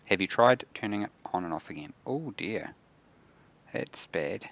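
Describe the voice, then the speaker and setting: A man with a New Zealand accent hosts a game dev stream from his office, muttering and thinking aloud as he builds things while demoing the game. His low, gravelly, slightly bright voice is animated and measured in pace, and the audio sounds dull.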